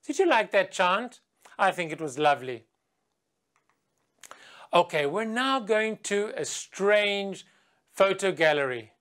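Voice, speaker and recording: Speaking slowly and clearly, a woman runs an English video lesson for children with great patience. Quiz questions come up, and she leads a chant with the class, sung in a lively, higher voice.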